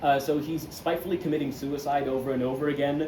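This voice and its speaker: A man's voice: mid-range voice, fairly even intonation, quick pace. A young man casually giving a jokey, rambling presentation to friends, full of fillers. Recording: echoey room with noise.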